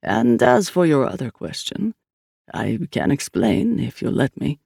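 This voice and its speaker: A deep, older priest speaks with studied calm, every phrase measured and even, as a woman reading the book puts him on. A gravelly texture sits in the voice. The sound is dry and close. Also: dry recording, full character voice.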